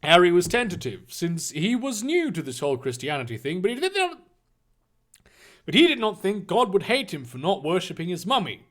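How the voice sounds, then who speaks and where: A man's voice: high-pitched, sing-song, a little fast, few pauses. A man giving a comedic reading, full of profane, rambling asides. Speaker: comedic reader.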